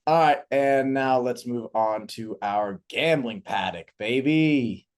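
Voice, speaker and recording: Man, podcast co-host, upbeat, playful banter, mid-pitched voice. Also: takes it slowly, heavy background noise. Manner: upbeat, playful, self-mocking. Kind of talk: casual podcast chat.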